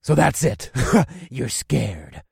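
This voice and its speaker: A man's voice: mid-range voice, very animated, very slow, vocal fry, a little mellow, husky, dry recording, studio quality, full character voice. A man voicing Carl, a sly, weaselly man who grumbles and sneers in an audiobook reading. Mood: defensive. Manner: grudging, sneering.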